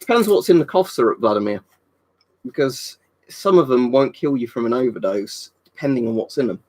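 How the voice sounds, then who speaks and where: A young man's medium-pitched voice, expressive and a little mellow, comes at a fairly quick clip as he chats on a live stream. Rambling and swearing a lot, he reads viewers' comments and responds to them.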